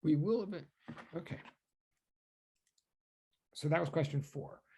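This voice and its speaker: Husky-voiced woman teaching physics online, rambly and chatty, making fun of herself a lot. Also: deep voice, measured pace, warm tone. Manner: chatty, self-deprecating, rambling asides. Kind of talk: online lecture.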